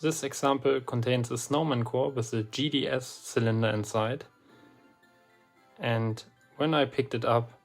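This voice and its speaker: Guy walking through a lock, super slow and deliberate, lots of pauses, faint music in the back. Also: mid-range voice, fairly even intonation. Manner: slow and deliberate, pauses often between phrases. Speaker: lock picking hobbyist presenting a lock. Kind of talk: relaxed instructional walkthrough.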